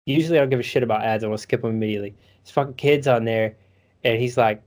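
A man's voice: medium pitch, fairly even intonation, rapid-fire, darkish tone. A man hosting a casual podcast chat, swearing freely and rambling, with easy laughter. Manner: profane, rambling, laughs easily. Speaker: podcast host.

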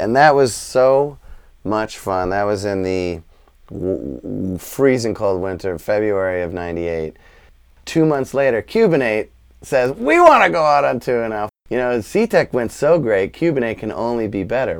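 Male guest storyteller, slightly low, smooth tone, lively anecdote delivery. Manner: lively, quotes people in animated voices. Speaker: guest musician.

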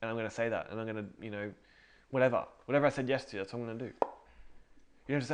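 A man's voice: medium pitch, very fast, slight background noise. A man co-hosting a casual faith podcast, rambling and correcting himself as he tells stories. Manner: rambling, self-correcting, storytelling. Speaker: podcast co-host.

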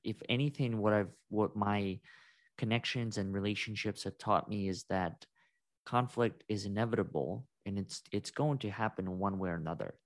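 A man's voice: lowish voice, moderate pace, no room sound. A man co-hosting a podcast, talking through his experience in a reflective, thinking-aloud way with frequent restarts. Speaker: podcast co-host. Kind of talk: conversational podcast chat.

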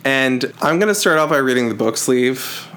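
A man hosting a casual book podcast, playful and quick to laugh, reading a book blurb aloud. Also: medium pitch, expressive, a bit bright. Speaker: podcast host.

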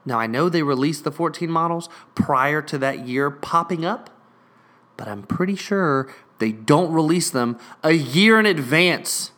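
A man's voice: on the high side, measured pace, a bit bright. A young man telling an irritated, profane story, swearing constantly and stammering over repeated words. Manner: irritated, sarcastic retelling.

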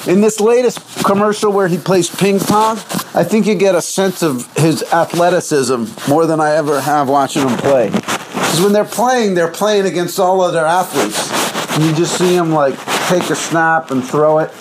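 A man hosting a podcast, talking in a loose, goofy, rambling monologue with big swoops in pitch. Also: moderate pace, very noisy. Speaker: podcast host.

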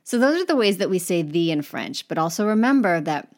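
A woman teaching French pronunciation to English speakers online, spelling words out letter by letter and slowing down to demonstrate. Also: fairly low pitch, big pitch swings. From English-speaking country.

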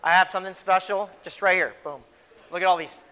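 A man's voice: high-pitched, fairly even intonation, fairly quick, sharp tone, smooth. A pastor giving a casual children's lesson in a church service, often restarting and repeating his words as he talks to the kids. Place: church sanctuary.

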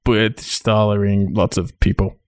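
A man's voice: lowish voice, little pitch movement, slow. A man hosting a podcast, chatting in a laid-back way, swearing casually and laughing often. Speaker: podcast host. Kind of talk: casual chat.

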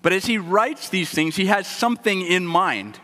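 A male pastor delivering a sermon in an earnest, conversational way. His voice is bright and forceful, with a fairly high pitch, and it carries a long reverb as in a large hall. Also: expressive, moderate pace. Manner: earnest, conversational preaching with repeated words.

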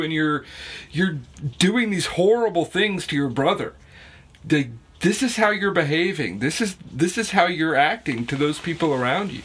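Husky man musing on scripture. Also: a little high, a bit bright. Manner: reflective, laughs often, builds emphasis. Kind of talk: casual Bible study chat.

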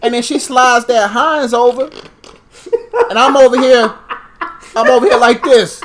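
A man in casual comedic conversation, telling animated stories and acting out family scenes. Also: very high voice, unhurried, slight background noise. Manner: animated storytelling, acts out his mom and kid self.

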